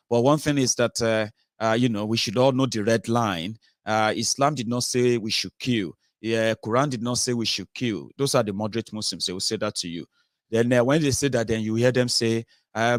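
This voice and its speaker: Yoruba-accented nigerian guy ranting politics, lowish voice, dry sound, lots of uh and okay?. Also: brisk, no echo. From southern Nigeria. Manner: emphatic, rhetorical, many "uh" fillers and tag questions. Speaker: political commentary host. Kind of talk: opinionated political monologue.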